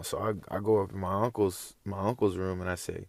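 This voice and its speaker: A man's voice: sits low, flat delivery, a little fast, creaky, few pauses, no room sound, clean studio sound. A young man casually telling a story, laid-back and slangy, rambling along with loose phrasing.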